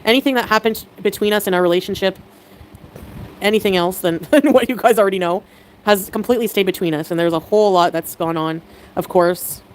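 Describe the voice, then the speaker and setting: A woman chatting casually on a livestream, excitable and giggly, with quick swings in mood. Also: medium pitch, slight background noise, poor audio.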